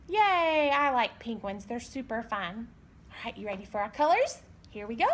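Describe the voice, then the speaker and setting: A woman librarian leading a baby storytime, reading aloud in a slow, sing-song, expressive way. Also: fairly high pitch, slight background noise. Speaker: children's librarian.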